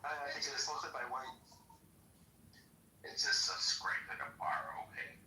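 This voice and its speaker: A man's voice: medium pitch, sing-song, moderate pace, bright, forceful tone. An older man in a casual livestream chat, blunt and rambling. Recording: echoey room, far from the mic, faint noise.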